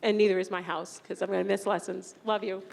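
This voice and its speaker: A woman's voice: medium pitch, level tone, quick pace, creaky, noisy background. A young woman teacher giving an emotional, fond farewell speech to her graduating students, holding back tears and laughing between lines. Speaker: orchestra teacher. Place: large concert hall. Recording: echoey hall reverb.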